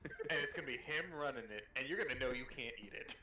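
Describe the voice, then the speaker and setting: A man's voice: medium pitch, fast talker, pushed and bright, roomy sound, soft background music, poor audio. A man playing a tabletop game, teasing the others. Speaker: player. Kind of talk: casual tabletop play.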